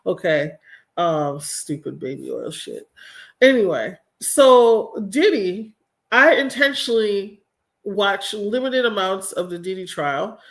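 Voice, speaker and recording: A woman's voice: medium pitch, expressive, slow. A young woman talks straight into her computer mic on a live stream. She is chatty and a little exasperated, with plenty of slang and asides to her viewers. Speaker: live-stream commentary host. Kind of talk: casual live-stream commentary.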